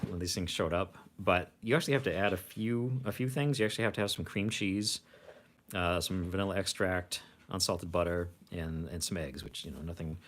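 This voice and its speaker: A man's voice: low voice, fairly bright tone. A man hosting a casual livestream from home, rambling along with frequent restarts. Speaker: host of a food review channel.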